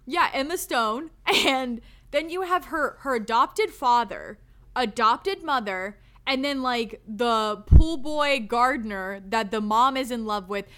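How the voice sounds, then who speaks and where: A woman co-hosting a casual movie discussion, ranting in an animated, exasperated way with lots of "like". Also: a little high, slow, clean tone. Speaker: podcast co-host. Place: recorded live.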